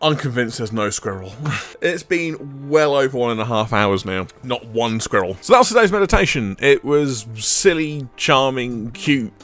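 A man giving casual gameplay commentary into a desk microphone, excitable and chatty and laughing often. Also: medium pitch, normal speed. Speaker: gaming video creator. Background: faint game music.

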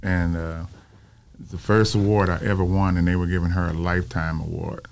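A filmmaker in his fifties, guesting on an interview show, tells personal stories in a casual, animated way, acting out the voices of people he quotes. His voice is low-pitched and creaky at a normal speed, with a little hiss or hum in the recording.

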